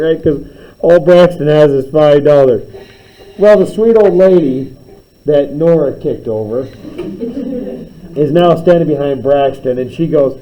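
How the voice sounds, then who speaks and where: A man's voice: fairly high pitch, unhurried, dull audio, a little hiss or hum. A man teaching a math class, spinning playful, teasing story problems about his students.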